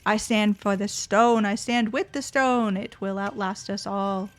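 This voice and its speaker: A woman voicing a weary old male goblin who protects the heroes, with a slow, grave delivery. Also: medium pitch, steady tone, natural voice.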